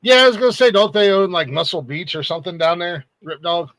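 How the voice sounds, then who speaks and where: A man's voice: high voice, animated, fast talker, a bit bright, no echo. A man hosting a podcast in casual banter, teasing his co-host and laughing often.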